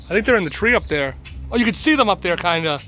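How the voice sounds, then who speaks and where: A man chats and jokes as he films his niece on a phone out in a backyard. His voice sits fairly high and swings widely in pitch. He teases and exclaims loudly as he talks. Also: fast. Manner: teasing, excitable, exclaims loudly. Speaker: uncle filming his niece. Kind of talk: casual family vlog chat. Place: outdoors at a home driveway and backyard. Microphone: phone held while filming.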